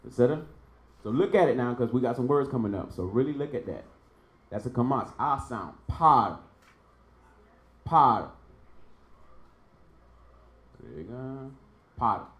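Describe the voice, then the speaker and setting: A man's voice: mid-range voice, lively intonation, brisk, roomy sound. A man teaching a Hebrew class, patiently repeating each sound for his student. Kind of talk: online language lesson.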